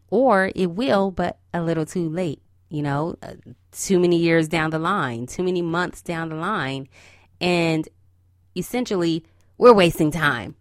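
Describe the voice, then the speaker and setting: A woman's voice: fairly low pitch, dry recording, clean studio sound. A woman hosting a podcast, talking straight to her listeners in a cheery, encouraging and sassy way, with a smile in her voice. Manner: cheery, smiling voice. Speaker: podcast host. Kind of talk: upbeat podcast intro and interview.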